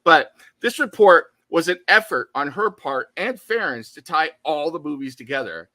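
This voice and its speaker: A man co-hosting a horror podcast in casual chat, animated and prone to playful digressions. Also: a little high, normal speed, no room sound. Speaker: podcast co-host.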